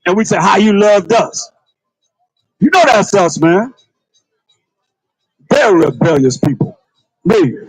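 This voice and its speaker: A man preaches in a loose, conversational manner, circling back to the same points and firing off rhetorical questions. His voice sits fairly high and has a husky edge. The recording is dry and close. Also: animated, measured pace, long pauses, no room sound, low-quality recording. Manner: colloquial, calls on a reader to read. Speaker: priest. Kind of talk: livestreamed sermon.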